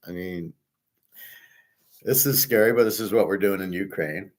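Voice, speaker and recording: Indignant deep-voiced man ranting. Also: moderate pace, pauses often. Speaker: host of a betting and gold commentary show. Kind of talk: opinion monologue.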